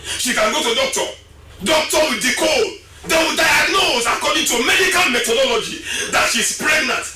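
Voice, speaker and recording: A man preaching a fiery sermon, shouting and singing his lines and repeating phrases for emphasis. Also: very high-pitched, animated, moderate pace, far from the mic, soft background music. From Sierra Leone. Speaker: pastor. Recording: roomy, from off mic.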